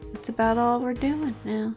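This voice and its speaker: A woman's voice: on the high side, moderate pace, darkish tone. A woman streaming a game casually, chatting with viewers and laughing often. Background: game music.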